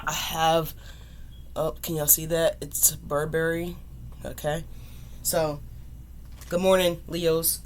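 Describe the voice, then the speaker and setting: A woman hosting her own tarot channel, talking casually to camera in a loose, chatty way, repeating greetings and swearing now and then. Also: on the low side. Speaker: tarot reader and channel host.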